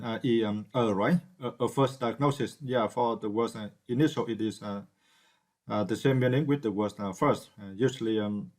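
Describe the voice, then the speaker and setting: Hesitant, low-voiced male English teacher. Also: a little mellow. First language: Vietnamese. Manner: hesitant, many fillers and restarts; asks "right?" to check understanding. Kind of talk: unscripted vocabulary lesson.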